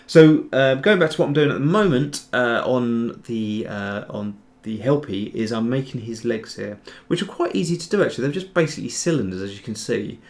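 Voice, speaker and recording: A man's voice: medium pitch, lively intonation, brisk, hardly any pauses. Guy rambling thru a livestream tutorial, average voice, keeps trailing off and restarting. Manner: answers viewer chat while working. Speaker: host, 3D sculptor. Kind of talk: casual livestream tutorial chat.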